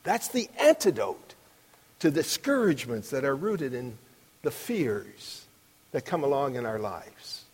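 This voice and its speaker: A man's voice: mid-range voice, expressive, unhurried, breathy edge. Emphatic preaching man in a reverberant hall. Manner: emphatic, rising to loud declarations on quoted verses. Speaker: pastor. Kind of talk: sermon. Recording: long reverb of a large hall.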